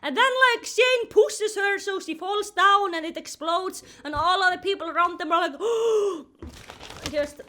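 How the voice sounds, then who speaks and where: A woman with a very high voice riffs through a movie's scenes in casual commentary. She sounds bright and crisp, retelling everything with giggly, exaggerated disbelief. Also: normal speed, hardly any pauses. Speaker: commentary youtuber.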